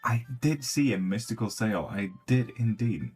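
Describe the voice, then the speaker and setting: A man's voice: on the low side, expressive, moderate pace, darkish tone, breathy edge, soft background music. A man giving casual tarot readings on a live stream, blunt and swearing freely.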